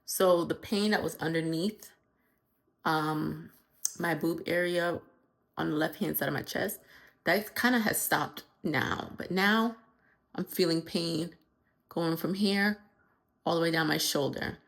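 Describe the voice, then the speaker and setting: A woman talking to her viewers in a casual video diary, winded and out of breath, with weary, halting speech that often drops toward a whisper. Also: low voice, creaky, a bit bright. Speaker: vlogger.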